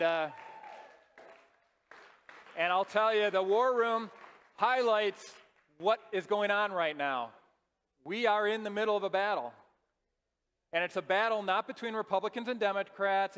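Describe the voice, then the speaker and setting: A man's voice: sits high, a bit bright, clear, resonant tone, in a large hall. A man wrapping up his presentation at a live event, earnestly urging the audience to share what they learned. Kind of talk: closing remarks at a live event.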